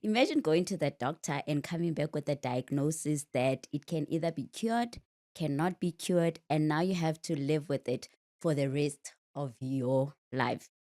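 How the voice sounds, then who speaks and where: A woman's voice: sits low, lively intonation, normal speed, mellow. A woman, a Sotho speaker, hosting a podcast interview with friendly, chatty questions. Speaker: podcast host. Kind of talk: casual interview.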